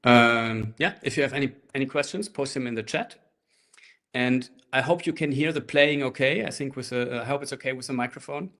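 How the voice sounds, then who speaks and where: A man teaching a live online handpan workshop through a laptop microphone, explaining rhythms in a relaxed way and speaking rhythm syllables while he plays. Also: medium pitch, fairly quick. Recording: laptop mic with handpan music. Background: handpan playing.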